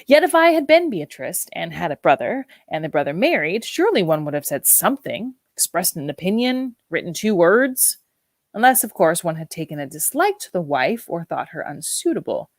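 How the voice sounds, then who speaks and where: A woman narrates a novel in a measured, reflective audiobook reading. Her voice sits fairly low and is recorded close and dry, with no room echo. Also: sing-song. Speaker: audiobook reader.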